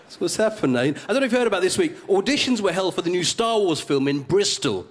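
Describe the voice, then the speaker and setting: A male stand-up comedian, hosting a comedy show with quick, cheeky punchlines before a live audience. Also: sits high, animated, heavy background noise. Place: studio comedy stage with audience. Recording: live stage with loud crowd.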